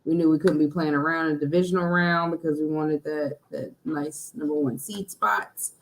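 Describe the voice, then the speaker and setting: A woman with a low voice gives her take on a football game on a casual podcast. She starts with some hesitation and fillers, then lands her points firmly. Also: steady tone, normal speed. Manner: hesitant, many "uh" and restarts, then emphatic. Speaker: podcast co-host. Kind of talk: casual sports podcast chat.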